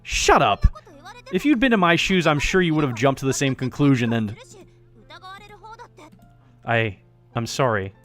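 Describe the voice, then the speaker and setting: A quick-tempered young heroine from a dating game, voiced by a woman reading aloud. She talks in a snappy, indignant way. The voice sits very low for a woman yet swings up and down a lot. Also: lively intonation, soft background music. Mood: defensive. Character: fierce young woman, quick to anger, dramatic.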